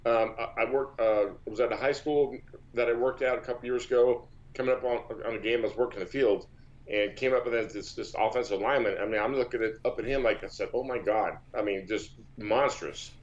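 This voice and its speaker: A man's voice: mid-range voice, steady tone, brisk. Rambling man telling stories, lo-fi sound. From Texas. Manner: rambling, with many false starts and repeats. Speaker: powerlifter guest. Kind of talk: casual storytelling interview.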